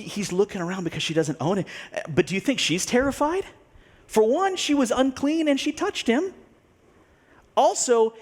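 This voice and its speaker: Animated storytelling male pastor. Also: extremely high pitch, husky. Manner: animated storytelling, acts out quoted characters, laughs often. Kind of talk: sermon.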